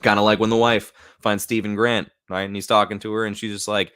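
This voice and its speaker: A man's voice: fairly low pitch, fairly even intonation, fast, few pauses, a bit bright, clear, resonant tone, no room sound, clean studio sound. An American man hosting a casual live stream, rambling loosely with lots of fillers. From United States. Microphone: new studio mic.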